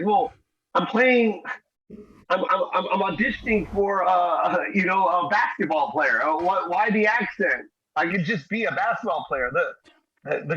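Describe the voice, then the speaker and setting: A man's voice: high-pitched, sharp tone, husky, dull audio. A middle-aged man, a comedian and actor, talking earnestly in an interview and often asking "you know what I mean". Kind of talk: interview conversation.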